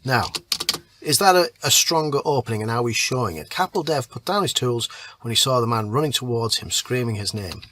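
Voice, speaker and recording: A man teaching creative writing. He reads a draft story aloud and then rewrites it, thinking aloud and pausing over words as he edits. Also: medium pitch, expressive, bright, forceful tone, a little hiss or hum. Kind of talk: reading a draft aloud and editing it. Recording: keyboard typing audible behind voice.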